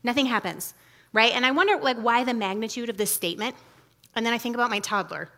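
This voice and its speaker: A woman's voice: a little high, quick pace, sharp tone. A woman giving a casual, humorous teaching talk, chatty and full of asides, laughing often.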